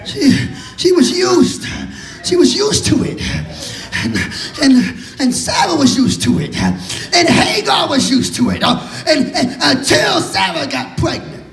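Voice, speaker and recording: A man preaching a sermon as pastor, shouting his lines and punctuating them with a constant "uh". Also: extremely high pitch, wildly swooping pitch, unhurried, creaky, faint music behind. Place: church. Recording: echoey church hall.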